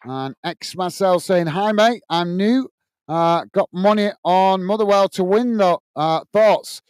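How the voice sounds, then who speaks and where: Chatty high-voiced male football host. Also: unhurried, clean tone, dry recording. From United Kingdom. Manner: friendly, reads out viewer messages, frequent "mate" and "uh" fillers; excited goal call. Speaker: watch-along host. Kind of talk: live football watch-along commentary and chat.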